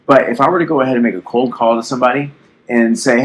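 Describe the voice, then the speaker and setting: A young podcast host in his twenties rambles bluntly through a casual show, swearing a lot and leaning on fillers. His voice sounds youthful and is medium-pitched. He talks very fast, and the audio is poor.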